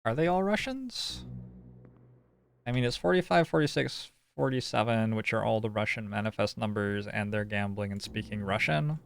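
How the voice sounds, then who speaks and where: A man's voice: fairly low pitch, animated, moderate pace, vocal fry, clear, resonant tone. A man streaming a puzzle game, thinking aloud in casual, musing commentary. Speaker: gaming streamer. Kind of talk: casual let's-play commentary.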